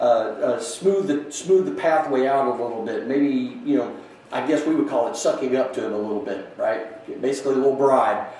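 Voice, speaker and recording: A man's voice: mid-range voice, mellow. A man teaching a church Bible class in a conversational way, often restarting his sentences and reading scripture aloud. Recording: echoey room from a distance.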